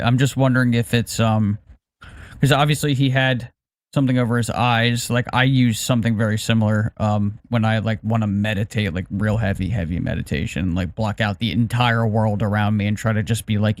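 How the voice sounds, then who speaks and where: A man co-hosting a livestream who muses out loud and keeps reaching for fillers. His low voice has a gravelly edge, and the sound is dry and close. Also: no room sound. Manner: musing, thinking aloud with many fillers. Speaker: livestream co-host. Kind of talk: casual chat.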